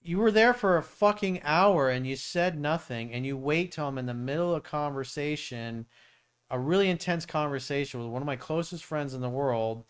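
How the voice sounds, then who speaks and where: Hosting a casual live-stream Q&A, this middle-aged South Florida man, a dating coach and show host, speaks in a fairly high, clear and resonant voice at normal speed. He answers bluntly, swears freely, and tells stories.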